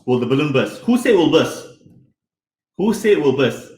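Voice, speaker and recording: A man teaching a hands-on science lesson to children, animated and constantly asking them questions. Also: a little high, moderate pace, roomy sound.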